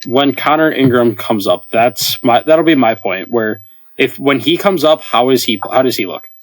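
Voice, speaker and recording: A man's voice: medium pitch, expressive, normal speed. A man co-hosting a podcast in casual chat, chatting through a list of results. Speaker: podcast co-host.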